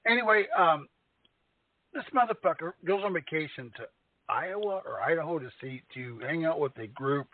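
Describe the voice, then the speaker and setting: A man's voice: a little high, animated, moderate pace. A man calling in to a talk show, telling rambling, profane stories in crude banter. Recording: tinny phone line with faint noise.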